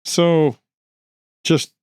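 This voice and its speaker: A man hosting a podcast, asking a guest plain, measured questions. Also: a little mellow, dry recording, studio quality. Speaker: podcast host. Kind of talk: interview questions.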